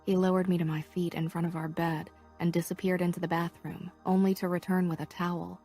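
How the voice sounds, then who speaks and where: Romance audiobook narrator: woman, husky and low, soft half-whispered delivery. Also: flat delivery, a little fast, soft background music.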